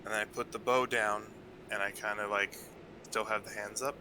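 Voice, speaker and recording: A man's voice: lowish voice, level tone, moderate pace. A man casually explaining what his character does in a tabletop game. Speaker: player. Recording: audible background noise.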